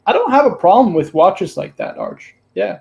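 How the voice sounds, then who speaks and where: A man's voice: high-pitched, wildly swooping pitch, moderate pace, gravelly. A man co-hosting a casual watch-talk livestream, easygoing but opinionated. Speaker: co-host.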